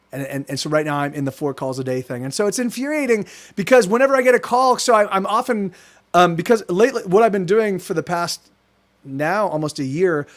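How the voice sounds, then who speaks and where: A man chatting casually on a livestream, rambling with many restarts and frequent swearing, from his small apartment. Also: fairly high pitch. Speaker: streamer.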